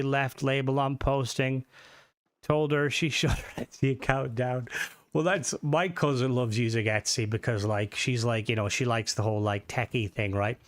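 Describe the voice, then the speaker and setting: A young man hosting a casual live stream, rambling through stories and swearing often into a desk mic. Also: mid-range voice. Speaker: livestream host.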